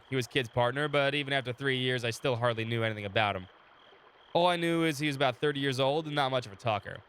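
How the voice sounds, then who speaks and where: Still getting over an illness and with a sore throat, a man reads a game's story text aloud on a live stream while chatting casually. Between readings he talks to chat and laughs a lot. His voice is mid-range and a bit bright, with slight background noise.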